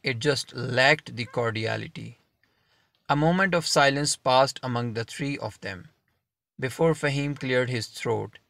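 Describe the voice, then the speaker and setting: A man narrates a novel at an unhurried pace, his voice carrying a gravelly edge. He reads in a measured way and lets the pauses sit. The sound is close and dry, with no room around it. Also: medium pitch, a bit bright, no echo. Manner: slow, measured reading with deliberate pauses. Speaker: audiobook narrator. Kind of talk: scripted audiobook narration.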